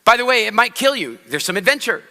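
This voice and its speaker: High-pitched guy running a seminar, playful, gets the crowd to join in, big echoey hall. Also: fast talker. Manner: energetic, playful, coaxes the audience to join in. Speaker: public speaking trainer. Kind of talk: live seminar talk to an audience. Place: large hall before a live audience. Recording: roomy hall with long reverb.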